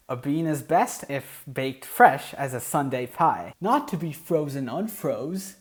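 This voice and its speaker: A man's voice: mid-range voice, darkish tone. A man who comments on the online posts he reads aloud, with dry, sarcastic asides. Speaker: YouTube commentator.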